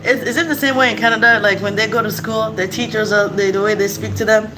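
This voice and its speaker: A woman's voice: mid-range voice, quick pace. A woman from Africa, a mother, telling stories casually and acting out voices with frequent laughter. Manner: animated, acts out voices, laughs often. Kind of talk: casual storytelling vlog.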